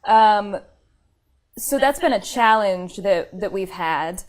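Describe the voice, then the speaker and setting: A woman with a middle-pitched voice talks through her work as a theater director in an interview. She answers thoughtfully, with some fillers, and laughs easily. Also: animated, slow. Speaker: theater company founder and director.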